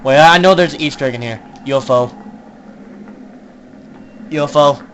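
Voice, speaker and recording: A young man giving casual, joking commentary while playing an online horror game, swearing and laughing often and shouting when startled. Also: fairly high pitch, normal speed, a little hiss or hum, rough recording. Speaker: gaming YouTuber. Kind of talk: casual let's-play commentary.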